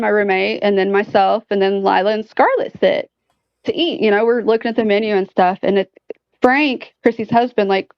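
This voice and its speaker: A woman guest telling a story in casual chat, animated and profane, filling her talk with "like". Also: medium pitch, clean tone, dry recording, lo-fi sound. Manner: animated, profane, heavy use of "like".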